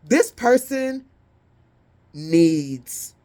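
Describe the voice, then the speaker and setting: A woman giving a casual tarot reading, blunt, profane and sassy, with animated indignant peaks. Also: fairly low pitch, very slow. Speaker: tarot reader.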